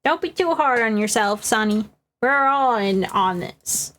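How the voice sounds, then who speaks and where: A woman's voice: on the high side, animated, a little slow, a bit bright. Woman doing Oldbag, a brash bossy old busybody. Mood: chummy. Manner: brash, folksy, gossipy. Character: older woman witness, loud, nosy, bossy. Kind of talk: reading game dialogue aloud.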